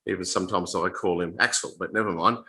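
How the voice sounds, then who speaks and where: A man's voice: low-pitched, fairly even intonation, sharp tone, poor audio. A man giving an informal Bible talk to a small group. He explains in a plain, conversational way, often stopping to repeat and restart his phrases. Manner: halting, repeats and restarts phrases mid-sentence. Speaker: Bible teacher.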